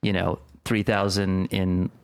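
Gravelly, sarcastic male co-host. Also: low-pitched, level tone, takes it slowly. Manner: dry, sarcastic. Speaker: podcast co-host. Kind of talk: comic commentary.

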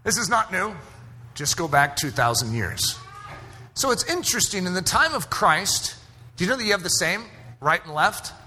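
A man preaching a sermon as pastor, emphatic and rising to shouts at his strongest points. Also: high voice, very animated, moderate pace, a little hiss or hum. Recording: hall reverb.

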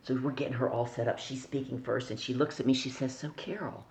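Gravelly-voiced woman telling a lively story. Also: extremely low pitch, brisk. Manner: animated storyteller, acting out quoted voices. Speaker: podcast guest, speaker. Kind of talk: storytelling in conversation.

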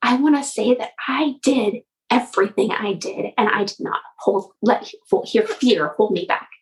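A woman coach telling a motivational story in an animated way, often repeating her words. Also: medium pitch, normal speed, poor audio.

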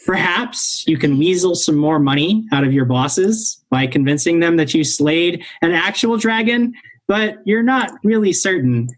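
A man's voice: fairly high pitch, unhurried, poor audio. A man narrating as game master of a tabletop role-playing game, easygoing, with fillers and laughs. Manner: relaxed storytelling with fillers and laughs.

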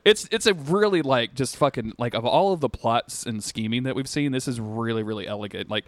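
A man co-hosting a podcast, recapping a TV episode in casual chat, animated and acting out characters' lines with casual swearing. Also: mid-range voice, brisk, no echo. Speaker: podcast co-host.

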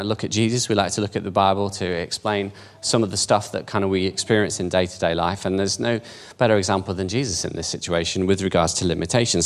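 Fifty-something guy giving a chatty church talk, lowish voice, pokes fun at himself. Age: 50s. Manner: conversational and self-deprecating, asks the audience questions. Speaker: church speaker. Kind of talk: informal church talk to a congregation.

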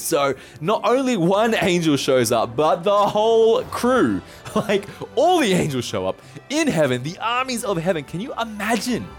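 A man preaching a sermon as a pastor, telling the story in a casual, playful way. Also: on the high side.

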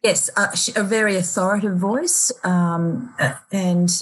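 A woman's voice: mid-range voice, steady tone, a little slow, poor audio. A woman radio host with an Australian accent, talking reflectively in an interview, with many fillers and restarts. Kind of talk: conversational interview.

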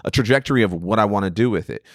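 A man's voice: on the low side, racing, dry recording, studio quality. A man, a stand-up comic, telling stories in casual podcast chat, rambling with lots of restarts and swearing. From Sacramento. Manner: rambling storytelling with frequent profanity and restarts.

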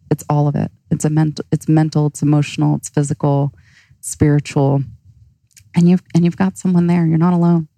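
Deep gravelly earnest woman coach. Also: dark tone, dry recording, low-quality recording. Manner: earnest, reflective, restarts phrases. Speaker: ice bath coach. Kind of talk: casual interview talk.

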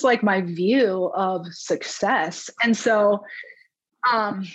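A woman's voice: mid-range voice, muffled recording. A woman in her thirties, a real estate agent, telling her story candidly in a chatty way full of fillers. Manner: candid, animated, many fillers like "like" and "um". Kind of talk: conversational storytelling.

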